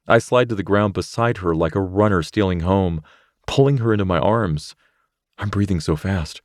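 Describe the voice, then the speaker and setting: A man's voice: sits low, moderate pace, dry recording, clean studio sound. A man narrating a romance audiobook in the first person, in a tense, emotional delivery.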